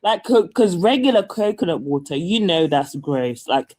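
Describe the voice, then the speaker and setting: A woman's voice: on the low side, very animated, normal speed, a little mellow, no echo. A woman on a live talk panel, playful and teasing. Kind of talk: casual chat.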